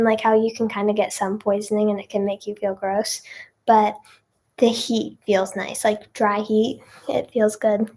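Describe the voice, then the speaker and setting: Young female singer, casual livestream chat, gushy and effusive, slightly high-pitched, slips into whispers now and then. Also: darkish tone. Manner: bubbly and gushing, with frequent "oh my gosh" and "like".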